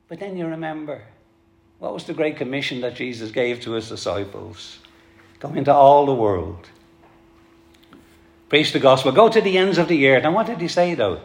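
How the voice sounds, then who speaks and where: A man's voice: medium pitch, expressive, normal speed, vocal fry, long pauses. A man preaching a sermon to his congregation, earnest and pleading, calling them folks. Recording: echoey hall.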